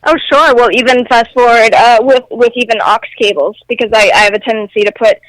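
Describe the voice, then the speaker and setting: A woman's voice: on the high side, steady tone, fairly quick, fairly bright tone, no echo. A young woman, a singer, talking casually over a phone line as an interview guest, upbeat and articulate. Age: young adult.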